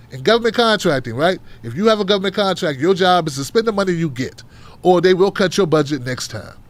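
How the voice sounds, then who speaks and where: This political talk show host, a man from Tennessee, speaks with a Southern accent in a voice that sits high and sounds fairly bright, captured in a dry recording. His casual livestream commentary is a profane, blunt, mocking rant laced with rhetorical questions.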